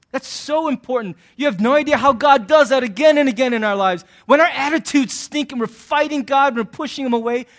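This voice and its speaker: Male pastor, high voice, sermon with animated asides and playful humor. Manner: humorous, conversational preaching.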